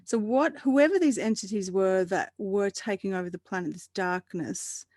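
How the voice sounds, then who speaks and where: A woman guest in a casual roundtable chat, animated and quick to laugh, often restarting her sentences. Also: medium pitch, no echo, studio quality.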